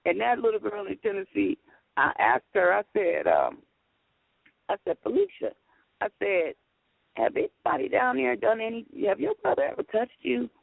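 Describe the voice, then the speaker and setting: A woman caller with a deeply gravelly, high voice comes through a thin phone line. She tells her story haltingly, circling back and repeating herself. The sound is dry and close. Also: huge pitch swings, no echo. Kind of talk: emotional call-in testimony.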